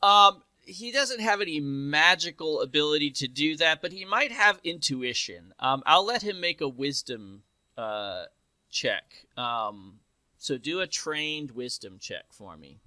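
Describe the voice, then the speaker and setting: A man serving as game master with a bright, fairly high voice, recorded dry and close. He narrates scenes in a rambling way, full of restarts and fillers. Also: lively intonation, a little slow, no echo.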